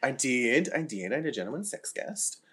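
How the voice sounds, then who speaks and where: A man's voice: medium pitch, sing-song, brisk, sharp tone, breathy edge. A young man cohosting a casual podcast chat, camp and playful, laughing often as he talks. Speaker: podcast co-host.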